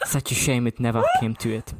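A man's voice: medium pitch, little pitch movement, brisk, shouting, very noisy, close to an everyday voice. A man reading a story aloud, voicing a gushing French woman with a French accent in a theatrical, overblown way.

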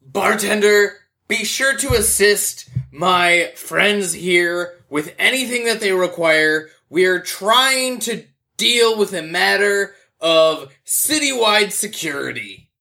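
A man's voice: high voice, animated, slow pace, creaky, bright, forceful tone, full character voice. A man voicing a haughty, formal noble lord who gives commands, in a tabletop role-play game. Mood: commanding. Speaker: player.

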